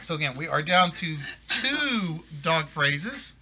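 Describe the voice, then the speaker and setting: A man's voice: a little high, very animated, slow, bright, forceful tone. A man hosting a live game stream, chatting casually and rambling, correcting himself as he goes. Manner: rambling, self-correcting, apologetic. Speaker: game show stream host.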